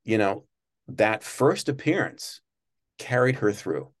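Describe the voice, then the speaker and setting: A man being interviewed, telling long, rambling stories about his work at a TV studio and breaking into quick impressions of people. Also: lowish voice. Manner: rambling, many restarts, animated when mimicking others. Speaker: guest recalling work at a TV studio. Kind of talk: casual interview storytelling.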